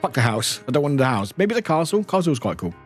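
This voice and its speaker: A man chatting casually on a live stream. His talk rambles and his pitch swings widely, with offhand swearing and frequent laughter. Faint music sits behind him. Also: big pitch swings, fast. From United Kingdom. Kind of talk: casual chat while gaming live.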